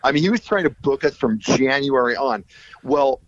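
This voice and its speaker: A middle-aged man, a guest musician, telling stories in a casual, animated, profane way. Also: mid-range voice, moderate pace, a little hiss or hum. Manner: animated, profane, acts out quoted voices. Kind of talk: casual storytelling interview. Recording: dull lo-fi audio.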